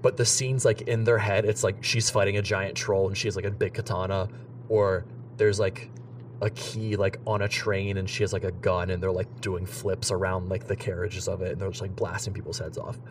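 A man's voice: low-pitched, little pitch movement, moderate pace, distant mic, a little hiss or hum. A young man co-hosting a casual podcast chat, rambling and filling his talk with "like". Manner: rambling, heavy use of "like". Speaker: podcast co-host.

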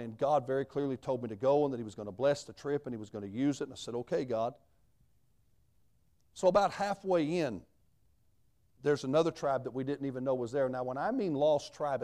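A man's voice: mid-range voice, mellow. A man in a mid-range voice preaches a sermon as a missionary. He tells the story in a plain, folksy way, with country grammar.

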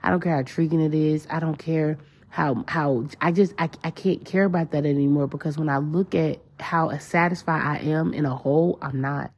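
Low, gravelly-voiced woman podcaster. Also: steady tone, normal speed, a little mellow. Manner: casual, emotional, slangy and repetitive. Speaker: podcast host. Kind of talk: spiritual podcast monologue.

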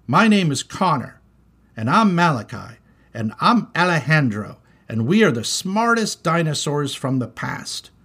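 A man's voice: fairly high pitch, fairly bright tone, breathy edge, voice pushed up, heavily acted. A man voicing Connor, a bold, upbeat young boy dinosaur, in a storybook reading, speaking eagerly.

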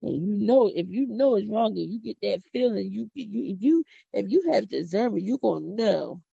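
A middle-aged woman from Philadelphia with a Philadelphia accent, hosting a casual, preachy podcast monologue with excited whoops. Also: medium pitch, moderate pace, gravelly, husky, dry recording. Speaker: podcast host. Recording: dull lo-fi audio.

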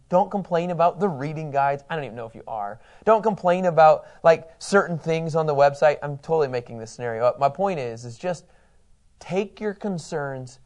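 Man, Bible teacher, high-pitched, conversational, enthusiastic. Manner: enthusiastic, conversational, acts out quotes.

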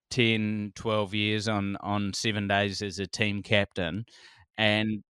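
A man in his forties with a New Zealand accent, a comedian telling animated stories in a casual podcast chat and laughing often. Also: lowish voice, clean tone, no room sound, clean studio sound. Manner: animated storyteller, acts out quotes, laughs often. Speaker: comedian guest.

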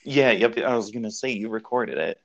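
A man's voice: on the low side, moderate pace, vocal fry, highs cut off. A man hosting a podcast, chatting casually and rambling through shared memories. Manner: relaxed, rambling, recalls memories aloud. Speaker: podcast host. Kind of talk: casual chat.

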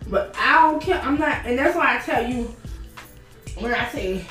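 A woman chatting casually as a podcast co-host, telling animated anecdotes and laughing through them. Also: sits high, a little slow, far from the mic, faint music behind. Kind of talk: casual chat. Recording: echoey room, off-mic.

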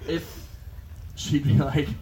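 A man's voice: on the high side, steady tone, slow, dark tone, low-quality recording. A young man doing a stand-up comedy set on a club stage, rambling with lots of filler words. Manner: rambling, filler-heavy delivery with many "like"s.

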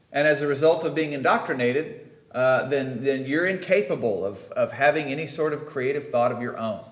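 A man with a mid-range, fairly bright voice preaches a sermon in a church, speaking conversationally and with emphasis. He checks in with the congregation by asking them questions, and the recording carries a roomy church echo.

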